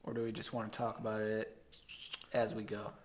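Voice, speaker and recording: A man from the American Midwest co-hosting a podcast, telling a story in a rambling, halting way and laughing easily. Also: lowish voice, completely flat delivery. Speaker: podcast co-host. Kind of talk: casual chat.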